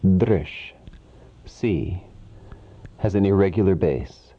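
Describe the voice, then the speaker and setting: A man teaching a language, reciting verb forms in a steady rhythmic chant and dropping lower to give the English meanings. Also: very slow, long pauses, breathy edge. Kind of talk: recited grammar drill. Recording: dull lo-fi recording.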